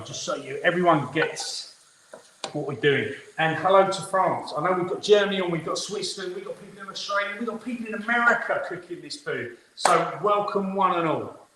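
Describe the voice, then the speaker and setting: Upbeat fifty-year-old chef in an echoey kitchen. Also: male voice, fairly high pitch, moderate pace. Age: 50s. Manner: chatty, upbeat, instructive. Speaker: head chef hosting a cookalong. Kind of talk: live cooking demonstration. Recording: echoey room with faint noise.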